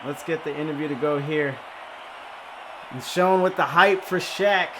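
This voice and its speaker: A young man casting an esports match, shouting on big plays and then chatting loosely through a post-match interview. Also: on the high side, unhurried, crowd noise, background noise. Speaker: esports caster.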